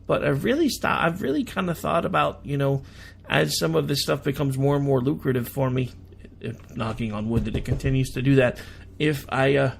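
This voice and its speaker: An American man hosting a radio show, reading international news aloud and breaking off into sarcastic, self-deprecating asides with halting restarts. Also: medium pitch, creaky, slight background noise. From United States. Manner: reads news then adds chatty sarcastic asides. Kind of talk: casual news commentary.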